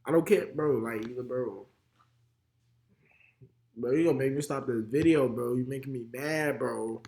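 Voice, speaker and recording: A man's voice: medium pitch, measured pace, a little mellow. A young man with a Chicago accent giving heated, slang-heavy reaction commentary. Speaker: reaction video host.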